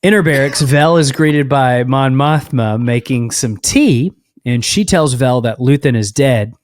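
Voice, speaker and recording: A man co-hosting a podcast, recapping a show's plot in a steady, casual way with fillers. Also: mid-range voice, a little slow, no room sound, studio quality. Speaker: podcast co-host.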